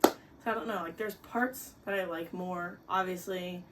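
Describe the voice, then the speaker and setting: Heavy background noise surrounds a young book vlogger whose lowish voice stays fairly even at a moderate pace. She reads in her bedroom, chatting casually with giggly, dramatic reactions, while music plays under a distant mic.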